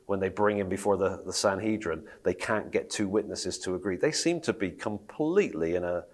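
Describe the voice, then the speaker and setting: A man's voice: low-pitched, animated, a little fast. A man teaching a Bible study in a conversational way, reading scripture aloud and asking the group questions.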